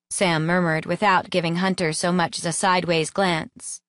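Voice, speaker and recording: A woman narrating an audiobook in a lively, expressive reading voice, close to the mic. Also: fairly low pitch, normal speed, hardly any pauses, no echo. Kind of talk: scripted narration.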